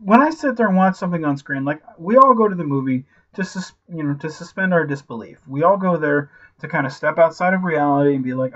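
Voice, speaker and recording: A man in his thirties giving a casual, ranting movie review, animated and profane, constantly saying "like" and "you know". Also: a little high, fast, hardly any pauses, highs cut off. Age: 30s.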